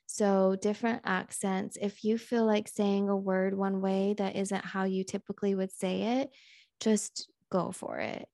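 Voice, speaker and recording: Woman host channeling messages, mellow and even-toned, dry close sound. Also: medium pitch, unhurried, gravelly, no room sound. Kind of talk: guided channeling session.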